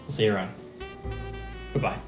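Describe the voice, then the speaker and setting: A man from Michigan, a former bartender, hosting a casual cocktail review vlog in a chatty, self-mocking way with lots of fillers. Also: brisk. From Michigan, USA. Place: home bar. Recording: echoey room with faint guitar music.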